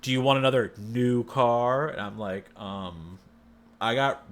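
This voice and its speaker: A man's voice: medium pitch, a little slow, slight background noise. A man, telling a rambling personal story on a livestream, wry and full of restarts. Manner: rambling, self-interrupting, wry. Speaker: streamer. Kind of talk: casual storytelling chat.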